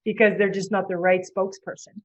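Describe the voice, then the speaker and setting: A woman's voice: medium pitch, flat delivery, fairly quick, highs cut off. A woman hosting an interview, asking long, curious questions in a conversational tone. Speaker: podcast host.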